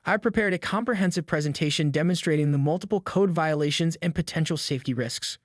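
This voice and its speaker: A man's voice: on the high side, fast, dry recording, studio quality, lightly acted. A man reading the lines of a prim, domineering middle-aged woman who chairs a homeowners' meeting, in a cutting, proclaiming manner.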